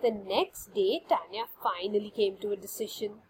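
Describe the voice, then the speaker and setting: A woman reading a children's story aloud in an expressive, animated way. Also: mid-range voice, normal speed, slight background noise, rough recording.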